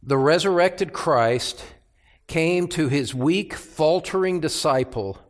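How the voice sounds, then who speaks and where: A man delivers an expository sermon at an unhurried pace. His voice sits somewhat high, and he leans on repeated words for stress. He swings between hushed passages and loud ones. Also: animated. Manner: emphatic, with dramatic swings between quiet and loud. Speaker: pastor.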